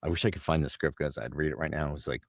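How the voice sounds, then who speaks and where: A middle-aged voice actor telling lively anecdotes as an interview guest. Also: male voice, very deep voice, creaky, no room sound, studio quality. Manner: lively, fast-moving anecdotes. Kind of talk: anecdotal storytelling.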